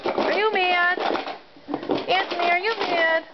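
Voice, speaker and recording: A woman's voice: very high-pitched, fairly even intonation, slow. A woman using patient, sing-song baby talk to coax a toddler while filming him at home on a camcorder. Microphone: handheld camcorder. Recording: muffled home video with background noise.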